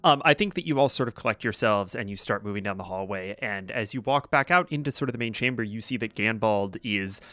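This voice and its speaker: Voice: mid-range voice, expressive, a little fast, few pauses, bright, forceful tone, no room sound. A game master narrating a tabletop game in a loose, filler-heavy way.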